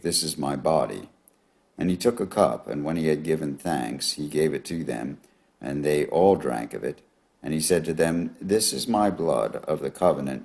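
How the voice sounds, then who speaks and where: A man reading a long Bible passage aloud in a measured, steady way. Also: very deep voice. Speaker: scripture reader.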